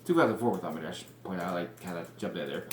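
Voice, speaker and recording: A man with a low voice talks through wrestling storylines in a loose, rambling way, leaning on "like" and "you know" and swearing bluntly. His voice rings in a roomy, echoey space, with a faint hiss behind it. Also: fast talker. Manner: rambling, full of "like" and "you know", acts out quotes. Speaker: wrestling fantasy-booking vlogger. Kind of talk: casual rambling monologue. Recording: roomy echo.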